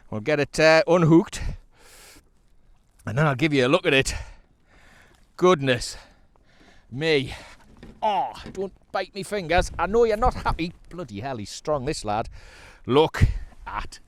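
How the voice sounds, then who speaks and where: Out on a sea kayak, a chatty North East English angler talks casually to the camera, laughs frequently, and speaks to the fish he's after. His pitch is fairly high, he's unhurried and pauses often, and the recording is dry.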